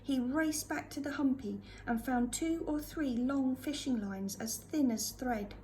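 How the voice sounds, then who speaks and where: High-voiced woman reading a storybook aloud. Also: a little slow, a little hiss or hum. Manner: expressive read-aloud. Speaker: reader for a school class.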